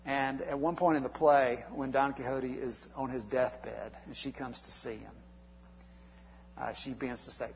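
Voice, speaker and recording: A man's voice: medium pitch, steady tone, normal speed, lo-fi sound, a little hiss or hum. Man preaching in a reverberant hall. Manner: conversational preaching with frequent uhs and restarts. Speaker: pastor. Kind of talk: sermon.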